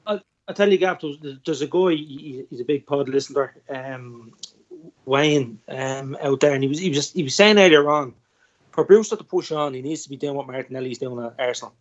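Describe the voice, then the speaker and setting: A man co-hosting a casual football podcast, talking in a halting way with many repeated words. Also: medium pitch, dull audio. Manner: hesitant, repeats words, says "like" often. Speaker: podcast co-host.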